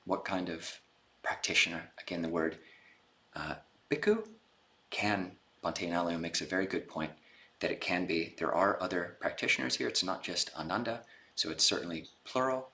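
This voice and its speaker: A man's voice: deep voice, normal speed, sharp tone. A man, a Buddhist monk, giving an informal dharma talk, explaining casually and retelling scenes in a chatty, slangy way.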